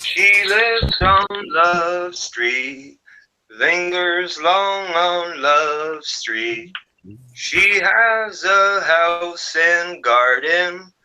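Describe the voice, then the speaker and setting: A man singing a slow song on an online voice chat. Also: sits high, bright, forceful tone, smooth, rough recording. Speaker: singer.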